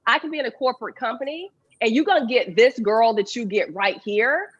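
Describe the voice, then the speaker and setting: A woman's voice: fairly high pitch, fairly quick, slightly rough, no echo. Woman guesting on a podcast, blunt and emphatic, cusses a lot, kinda dull dry audio. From Decatur, Georgia. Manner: frank, emphatic, swears freely. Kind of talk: casual podcast chat.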